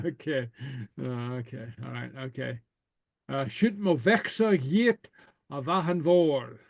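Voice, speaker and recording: Male teacher, slightly high-pitched, dry close sound. Easygoing and halting, chuckles often, says new words slowly for the class to repeat. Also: animated, gravelly, no room sound. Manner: unhurried and hesitant, full of okays and chuckles. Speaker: language teacher. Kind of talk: relaxed classroom lesson.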